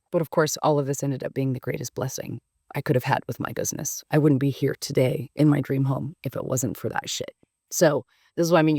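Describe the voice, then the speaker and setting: A woman's voice: sits low, no room sound, studio quality. A woman hosting a podcast, telling a candid personal story in a frank, emotional way, swearing freely and acting out her past thoughts. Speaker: podcast host.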